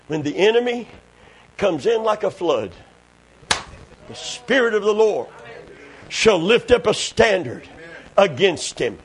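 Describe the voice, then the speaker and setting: A man preaching a fervent sermon, breaking into shouted bursts and hallelujahs. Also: high voice, sing-song, slow pace, long pauses, breathy edge. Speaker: pastor.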